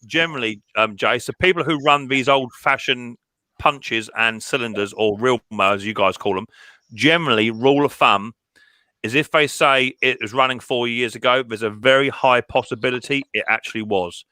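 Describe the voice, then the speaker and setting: A man hosts a casual live stream, chatting freely and tripping over repeated words. His tone is bright and forceful. The sound is close and dry. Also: mid-range voice, moderate pace, no room sound, rough recording. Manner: chatty, stumbling restarts.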